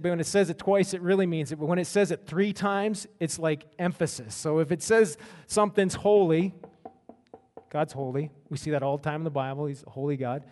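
Pastor guy preaching, fairly high voice, stumbles and repeats words, big echoey hall. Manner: animated, repeats words in bursts, acts out reactions. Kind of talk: sermon. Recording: long hall reverb.

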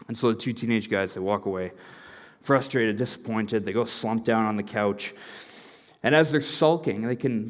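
A man, a youth pastor, preaching a sermon in a conversational, storytelling way. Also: mid-range voice. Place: church sanctuary. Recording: reverberant church hall.

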